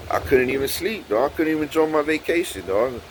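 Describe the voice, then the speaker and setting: A man's voice: normal speed, a little hiss or hum, low-quality recording. A man telling a story in a casual, profane way, often saying "dog" and "bro", his voice jumping up when he gets worked up. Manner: animated, profane, repeats "dog" and "bro", pitch jumps up when excited.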